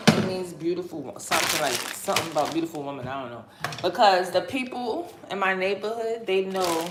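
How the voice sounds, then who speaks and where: Livestream host, woman, New York accent, just woke up; loose, rambling chat over faint background noise. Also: medium pitch. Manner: rambling, chatty, drawn-out fillers.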